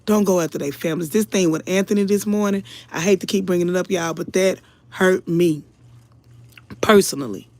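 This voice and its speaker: This online commentator speaks fairly quickly in a fairly low, slightly mellow voice, with no room sound. Talking casually, she's earnest and emotional, preaches a little, and keeps addressing viewers as y'all.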